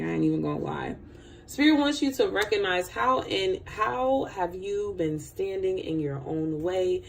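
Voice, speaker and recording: A woman giving a live tarot reading, animated and slangy, laughing often and repeating herself. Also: mid-range voice, measured pace, vocal fry, a little hiss or hum. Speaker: tarot reader.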